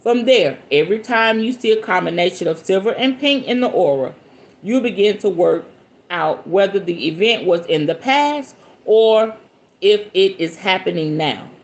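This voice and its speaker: A woman's voice: mid-range voice, normal speed, lo-fi sound. A woman hosting a podcast, reading a book aloud and breaking off into playful, casual commentary. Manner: animated, playful asides between read passages. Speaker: podcast host.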